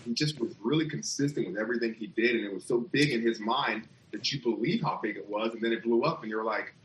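A man's voice: medium pitch, fast talker, roomy sound, a little hiss or hum, low-quality recording. A man guest on a podcast, telling stories reflectively in casual chat.

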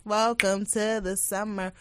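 A woman's voice: mid-range voice, flat delivery, unhurried, crowd noise. A woman co-hosting a podcast, talking in a playful, slangy, chatty way. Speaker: podcast co-host. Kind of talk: casual chat.

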